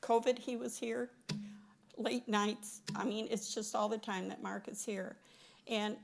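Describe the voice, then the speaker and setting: A woman's voice: mid-range voice, steady tone, measured pace, gravelly. A woman giving an emotional farewell tribute at a city council meeting, sad and fumbling over her words.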